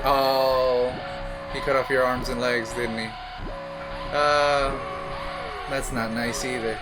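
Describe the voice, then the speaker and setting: A man hosting a movie reaction, rambling and joking as he talks back to the screen. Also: medium pitch. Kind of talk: casual reaction commentary.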